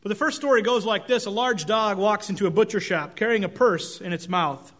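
A middle-aged male pastor delivers a relaxed, conversational sermon. He tells folksy stories and pokes fun at himself. His voice sits a little high for a man. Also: a little fast. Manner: conversational, self-deprecating, folksy storytelling.

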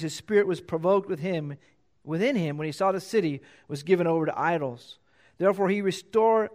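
A pastor preaching a sermon, reading scripture aloud and repeating key phrases for emphasis. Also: male voice. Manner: reads scripture louder and higher, then drops low to explain.

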